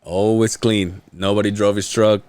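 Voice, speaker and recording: A man's voice: on the low side, little pitch movement, normal speed, darkish tone, clear, resonant tone, dry recording. A man hosting a podcast, telling rambling, profane work stories in casual chat and laughing often. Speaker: podcast host. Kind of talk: casual storytelling.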